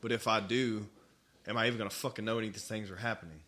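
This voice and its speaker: A man with a low, bright voice talks fast and bluntly on a podcast. He swears freely as he speaks his mind. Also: steady tone. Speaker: podcast co-host. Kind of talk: casual chat.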